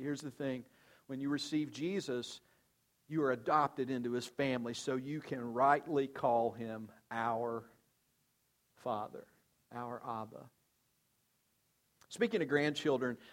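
An older man preaching a sermon in an earnest, conversational way, often dropping to soft, low tones to stress a point. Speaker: pastor.

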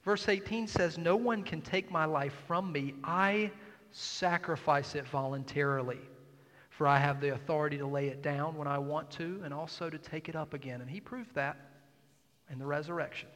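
A man preaching a sermon, his voice sitting high for a man. He swings from hushed, almost whispered asides to loud, emphatic calls to the congregation. His voice rings through the long reverb of a big church hall. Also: fairly even intonation, moderate pace. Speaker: pastor.

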